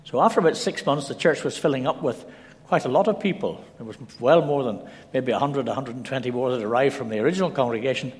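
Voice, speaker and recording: A man giving a sermon as a visiting preacher, telling stories in a measured way and reading scripture aloud. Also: mid-range voice. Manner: measured, storytelling delivery. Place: church. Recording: long reverb in a large hall.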